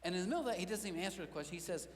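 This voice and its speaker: Animated middle-aged pastor in a big hall. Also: male voice, high-pitched, rapid-fire. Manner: animated storytelling with voiced quotes and self-mocking humor. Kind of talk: sermon. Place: large church auditorium.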